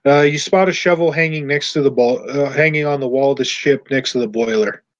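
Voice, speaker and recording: A man narrating a tabletop game as game master, in a halting way, searching for words mid-sentence. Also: medium pitch, highs cut off.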